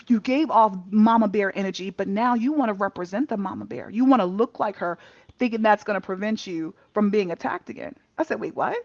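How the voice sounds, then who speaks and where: A woman telling a personal story in a candid casual chat over a video call, animated and laughing often, cursing freely. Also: a little high, gravelly, dry recording. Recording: dull muffled lo-fi mic.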